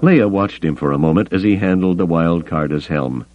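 A man narrating an audiobook in an expressive storytelling manner. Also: deep voice, moderate pace, few pauses, dull audio. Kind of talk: scripted narration.

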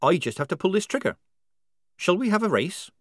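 A man's voice: high-pitched, very animated, brisk, no echo, studio quality, pitched above the performer's own voice. A man voicing a blunt, wary young female soldier with terse replies.

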